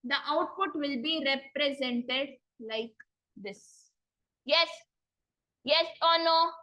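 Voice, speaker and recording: A woman's voice: high voice, slow pace, sharp tone, lo-fi sound. A woman teaching a class, repeating each phrase and often asking her students for answers. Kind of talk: online class lecture.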